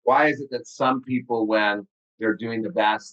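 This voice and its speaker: A man's voice: fairly low pitch, steady tone, unhurried, fairly bright tone, highs cut off. A man hosting a podcast interview, asking pointed questions emphatically and repeating words as he presses a point. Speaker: podcast host. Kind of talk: casual interview talk.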